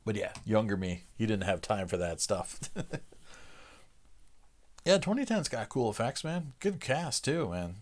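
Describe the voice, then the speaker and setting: Chatting easily with his live chat audience, a livestream host chuckles and fills his loose sentences with plenty of "uh." He has a low-leaning voice, an unhurried delivery, and frequent pauses.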